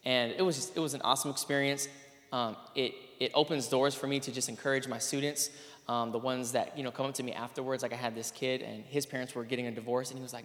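A man's voice: mid-range voice, steady tone, fast, fairly bright tone. A man, a PE teacher, giving a casual and earnest spoken testimony, full of fillers and restarts. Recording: long hall reverb.

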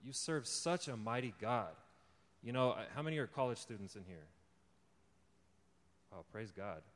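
Before a live audience, a young man offers an informal sermon testimony, recounting his story in a chatty way with frequent laughter before building to passionate encouragement. His medium-pitched voice is animated and a bit bright at a normal speed, recorded with long hall reverb.

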